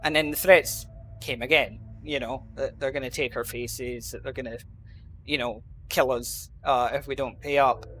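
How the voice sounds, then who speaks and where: A man with a gentle Glasgow accent rambles through a personal story in an easygoing way, sprinkling in ums and you-knows. His voice sits at a middling pitch. Soft music plays faintly underneath. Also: steady tone, normal speed. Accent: Glasgow Scottish, softened. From Scotland. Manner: rambling, lots of "um" and "you know". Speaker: gaming channel host. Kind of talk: casual storytelling over gameplay.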